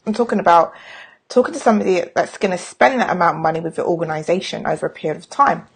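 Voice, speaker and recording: A woman's voice: on the low side, lively intonation, fast, slightly rough. A middle-aged woman talking casually on a live stream as a sales coach, frank and chatty, with self-mocking jokes.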